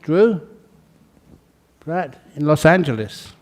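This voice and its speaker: Slow, chatty man calling out names. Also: on the high side, animated. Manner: chatty, laughs between names. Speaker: Buddhist monk leading a ceremony. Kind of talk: casual, joking roll call of names. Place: large hall.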